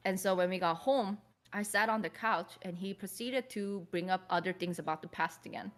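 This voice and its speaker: A woman guest on a podcast, calmly recounting a personal story in a measured, reflective way. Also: medium pitch, faint music behind. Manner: calm, measured, reflective retelling.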